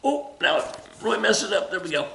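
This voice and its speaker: A man's voice: high-pitched, big pitch swings, fast talker, vocal fry, pushed and bright, a little hiss or hum. A man teaching a casual recorded history lesson, rambling and joking as he corrects himself. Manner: rambling, jokey, self-correcting. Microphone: camera. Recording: roomy echo.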